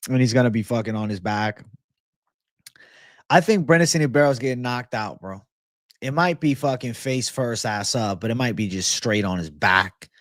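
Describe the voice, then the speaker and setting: A man's voice: medium pitch, dry recording, studio quality. A young man hosting a casual livestream, joking loosely, swearing a lot and talking to his chat. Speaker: livestream host reading chat.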